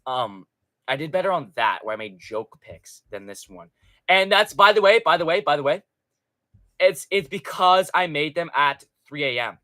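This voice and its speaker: Brief: male stream host, crisp bright tone, loose and profane, casual chatter. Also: on the high side, lively intonation, normal speed. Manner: rambling, profane, chatty with frequent restarts. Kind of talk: casual live stream chat.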